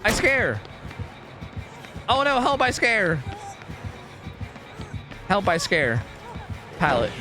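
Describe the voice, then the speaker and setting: A man's voice: high-pitched, huge pitch swings, extremely slow, long pauses, music in the background, voice pushed up, exaggerated voice. A man voicing a panicky, timid young woman in a game, whimpering in broken baby talk. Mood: mock-scared.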